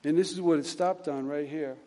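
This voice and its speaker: A man preaching a sermon, retelling a story and reading scripture in a halting way, with many repeated words and fillers. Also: on the high side, warm tone, big-room sound.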